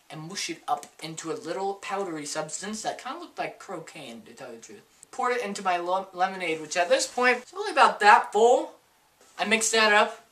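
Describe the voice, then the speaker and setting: A man telling a funny personal story in a casual, animated, self-mocking way. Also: on the high side, far from the mic.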